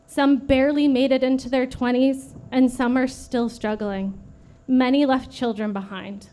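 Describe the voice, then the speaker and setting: A woman in her late thirties giving an earnest prepared memorial speech at a vigil, steady and read from a script. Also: high voice, unhurried. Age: late 30s. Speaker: vigil speaker.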